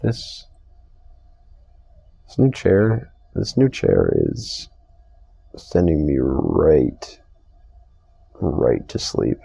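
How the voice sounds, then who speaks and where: A man's voice: very deep voice, wildly swooping pitch, extremely slow, gravelly, pauses often, mellow, slightly rough, dry recording, soft background music. A young man hosting a casual solo podcast, rambling and swearing in an exasperated rant about strangers. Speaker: podcast host. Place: store receiving area.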